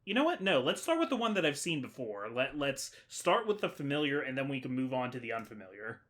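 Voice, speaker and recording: A man's voice: mid-range voice, big pitch swings, fairly quick, fairly bright tone. A man giving casual commentary while playing a video game, chatty and thinking aloud as he goes. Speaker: let's play host.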